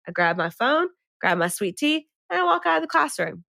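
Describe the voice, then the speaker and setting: Woman podcast co-host, animated storyteller, crisp bright tone, dry sound. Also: mid-range voice, fairly quick, few pauses, no echo. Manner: animated, dramatic retelling with rising emphasis. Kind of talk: casual storytelling chat.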